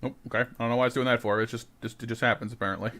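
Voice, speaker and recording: A man's voice: medium pitch, little pitch movement, very fast, pushed and bright, slight background noise. A man streaming a game, chatting casually with his viewers, rambling and repeating words often.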